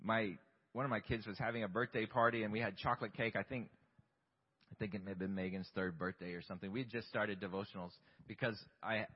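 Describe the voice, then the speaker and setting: Male pastor, husky mid-range voice, candid self-deprecating sermon, echoing church hall. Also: lowish voice. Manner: candid, self-deprecating, asks rhetorical questions. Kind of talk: conversational sermon. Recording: long hall reverb, dull lo-fi sound.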